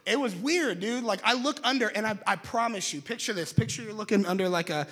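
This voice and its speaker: A young man, a pastor, telling a lively, jokey story to an audience and acting out his own shouts. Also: high-pitched, brisk.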